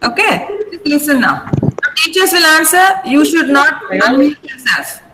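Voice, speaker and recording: A woman teaching English pronunciation in an online class, sounding out words slowly syllable by syllable in a firm, instructive manner. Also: high-pitched, sing-song, background noise. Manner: slow deliberate syllable-by-syllable pronunciation. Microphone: video call.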